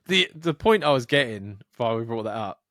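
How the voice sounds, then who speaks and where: A man's voice: medium pitch, expressive, brisk, a bit bright, dry recording, clean studio sound. A man co-hosting a podcast in casual chat, laughing often, swearing and giving blunt advice. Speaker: podcast co-host.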